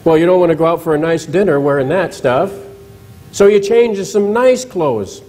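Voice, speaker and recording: A man's voice: a little high, expressive, normal speed, darkish tone, rough recording. A male pastor giving a church sermon in a conversational way, asking the congregation questions and retelling scripture with dramatized quotes.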